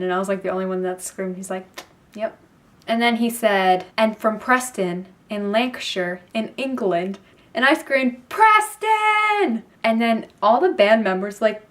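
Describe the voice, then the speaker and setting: A young woman vlogging, telling a story in a gushing, excited way with lots of fillers. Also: medium pitch. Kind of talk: casual storytelling to camera.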